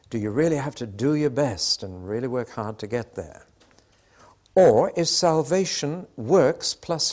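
Older man, British, sermon, storytelling, animated pitch, middle-pitched voice. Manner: storytelling, acts out quoted exchanges. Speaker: preacher.

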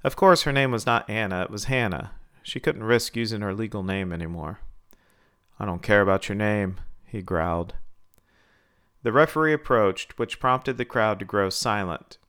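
Smooth-voiced male storyteller. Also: on the low side, animated, moderate pace, a bit bright. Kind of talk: scripted story narration.

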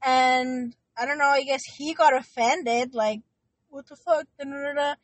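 A woman's voice: high voice, fairly even intonation, normal speed, no echo. A young woman co-hosting a podcast, telling a story in rambling casual chat with lots of fillers. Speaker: podcast co-host.

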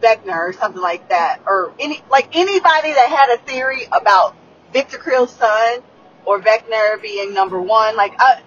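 Excitable profane woman recapping a show. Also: fairly high pitch, moderate pace, dull audio, slight background noise. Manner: excitable, profane, rambling with many fillers. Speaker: show reviewer. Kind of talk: casual recap chat.

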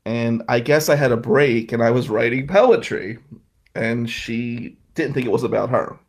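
A man's voice: medium pitch, normal speed. A man in his forties telling a rambling, profane personal story to his viewers in a casual vlog. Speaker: vlogger.

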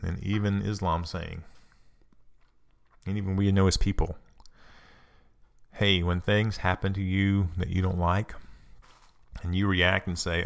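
Middle-aged male speaker, flat low delivery, earnest personal talk. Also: measured pace, vocal fry, pauses often, clear, resonant tone. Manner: earnest, confessional, repeats phrases. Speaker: speaker giving a spiritual self-help talk.

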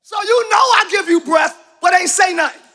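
A man preaching a live sermon in a church, shouting his points and calling on the congregation to answer. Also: extremely high pitch, moderate pace. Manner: preaching with shouted emphasis and call-and-response to the congregation. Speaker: pastor. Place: church sanctuary.

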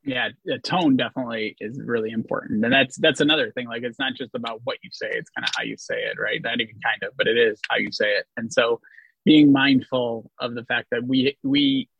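A man co-hosting an education podcast with a gravelly, husky voice. He muses and asks questions, his speech scattered with "like." The recording is dry and dull, like a cheap mic. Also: medium pitch, a little fast, a bit bright, no room sound. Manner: reflective, many "like" fillers, asks questions. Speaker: teacher podcast co-host. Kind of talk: casual educational discussion.

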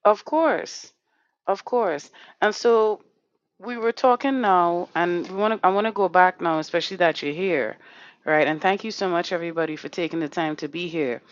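An emphatic woman hosts a live online talk show, her voice lowish and forceful. She swears freely and keeps tagging her points with "right?". The sound is muffled and dry. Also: brisk, smooth, dry recording. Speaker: host.

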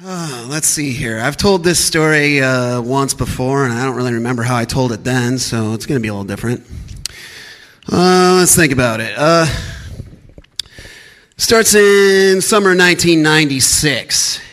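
A man telling a true story on stage at a live event, pausing to gather his thoughts. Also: medium pitch, expressive, a bit bright.

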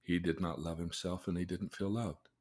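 An older man speaks in a fairly low voice, recounting a session with a client. He tells it earnestly, acting out the lines of the conversation as he goes. It sounds like a relaxed, conversational talk. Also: normal speed. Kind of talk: storytelling in a conversation.

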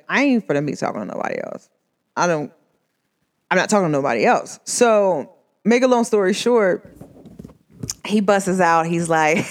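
A young woman chatting casually and animatedly, telling a personal story with slang and acted-out voices. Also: mid-range voice. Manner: animated, expressive, slangy, acts out voices in her stories.

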